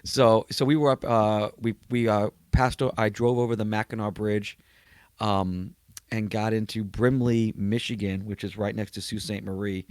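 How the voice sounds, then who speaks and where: A man's voice: on the low side, fairly even intonation, normal speed, darkish tone, no echo, clean studio sound. A male comedian, a guest on a casual podcast, telling road stories in a conversational way. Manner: storytelling, acts out voices of people he met.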